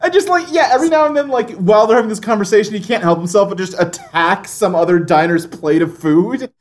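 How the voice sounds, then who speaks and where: A podcast co-host chatting casually about a movie, animated and chatty, laughing often. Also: mid-range voice, quick pace. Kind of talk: casual movie recap chat.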